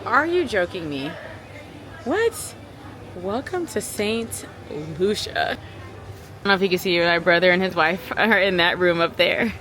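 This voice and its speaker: A young woman vlogging casually, gushing and excited as she shows around. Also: on the low side, moderate pace, slight background noise. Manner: bubbly, gushing. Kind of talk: casual vlog narration.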